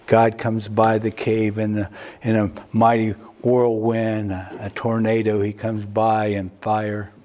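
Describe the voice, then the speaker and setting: Male pastor, sermon delivery, slow pace, storyteller with sudden lifts in pitch. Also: completely flat delivery, darkish tone. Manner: storytelling preacher, repeats words, sudden rises in pitch.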